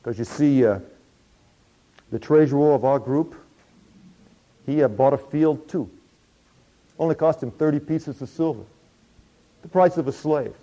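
A man's voice: on the high side, a little slow, long pauses, warm tone. An actor playing a former tax collector turned disciple, telling his story in a folksy, confiding monologue with dry humor. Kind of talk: dramatic first-person monologue. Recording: dull lo-fi recording.

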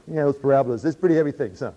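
An actor speaks very fast in a warm, medium-pitched voice close to his everyday one, playing a former tax collector who became a disciple. His first-person monologue is dramatic yet folksy and confiding, laced with dry humor, and the recording sounds dull and lo-fi.

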